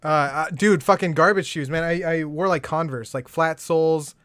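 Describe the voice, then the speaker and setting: Brief: male comedy podcast host, slightly high voice, bone-dry close sound, crude and laughing. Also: moderate pace, a bit bright, dry recording. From Southern California. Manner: crude, laughing, reads listener questions. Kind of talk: casual comedy podcast chat.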